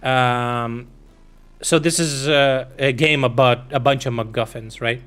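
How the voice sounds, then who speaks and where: A man's voice: medium pitch, fairly even intonation, measured pace, fairly bright tone, smooth, faint music behind. A man streaming, talking in a casual, meandering way with lots of swearing, fillers and restarts. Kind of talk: rambling casual stream chat.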